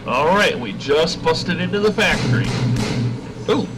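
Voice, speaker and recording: A man with a stuffed-up nose from a head cold, chatting casually while he streams a shooter game, with excitable bursts between rambling recaps. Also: a little high, a little slow, over music, rough recording. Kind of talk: casual gameplay commentary.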